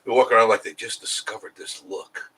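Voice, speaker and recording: A man's voice: fairly low pitch, fairly even intonation, a little fast, a bit bright, breathy edge, low-quality recording. A middle-aged man hosting a casual live stream, rambling and chuckling as he answers viewer comments.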